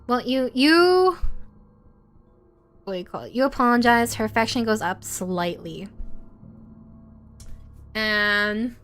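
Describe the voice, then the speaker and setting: A playful woman game master narrating a haunted-house story live for her viewers. She teases her chat as she reads their comments aloud, in a voice of middling pitch. Quiet music plays behind her. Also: a little slow, pauses often, clear, resonant tone. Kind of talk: live-stream narration of an interactive horror story.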